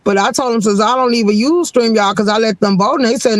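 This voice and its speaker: High-voiced man hosting a laid-back stream. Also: fast, no echo. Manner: rambling, laid-back, chatty. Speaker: live stream host. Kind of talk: casual streaming chat.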